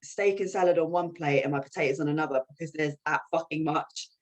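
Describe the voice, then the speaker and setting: A woman's voice: deep voice, fast. A woman hosting a podcast in casual chat, blunt and swearing freely as she talks. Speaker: podcast host.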